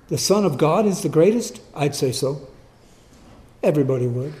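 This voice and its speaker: A man preaching a sermon, swinging from quiet, low passages to loud, emphatic bursts. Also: expressive, normal speed. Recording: echoey room.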